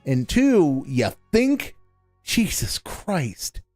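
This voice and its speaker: A man's voice: on the high side, huge pitch swings, extremely slow, darkish tone, no room sound, faint music behind. A man reacting to a recorded stream in exasperated, sarcastic commentary that swears often.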